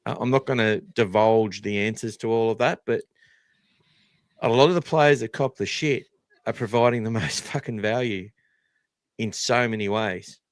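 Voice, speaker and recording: A man's voice: lowish voice, normal speed, no echo. Blunt Australian man, dry sound. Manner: blunt, sweary, animated opinions. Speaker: podcast host. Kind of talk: casual live podcast chat.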